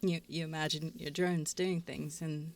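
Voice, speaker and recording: Slow, low-voiced woman chatting on stream. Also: little pitch movement. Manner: rambling, sweary and giggly, many fillers. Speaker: stream host. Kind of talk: casual chat on a livestream.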